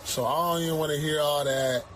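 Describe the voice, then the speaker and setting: A man's voice: on the high side, steady tone, a little fast, over a noisy crowd, poor audio. A man trash-talking rival fans in a teasing way during a casual sports chat. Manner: teasing, taunting.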